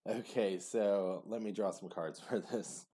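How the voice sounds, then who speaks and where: A man's voice: lowish voice, steady tone, measured pace, mellow, slightly rough. A man giving a casual tarot reading to camera, rambling and hesitant, with many fillers. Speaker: tarot reader.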